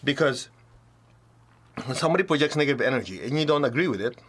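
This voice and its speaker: A man's voice: mid-range voice, expressive, fast, a bit bright. A man teaching a spiritual talk to an audience, casual and blunt, often acting out the voices of people he quotes.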